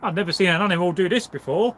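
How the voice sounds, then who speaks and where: Hungry grumbly fox from a storybook, all puzzled and cross, a guy telling it, voice sits kinda high. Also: very fast, a bit bright. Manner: puzzled, musing. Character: hungry, frustrated male fox, eager and baffled.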